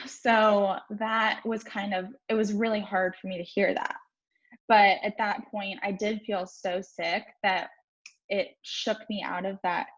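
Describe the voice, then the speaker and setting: A young woman coach speaks frankly to her viewers, swearing now and then as she tells her story. Her voice is husky and breathy, and the stream audio sounds dull and lo-fi. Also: medium pitch. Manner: frank, swears casually, talks straight to viewers. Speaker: life coach. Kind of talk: candid personal story on a live stream.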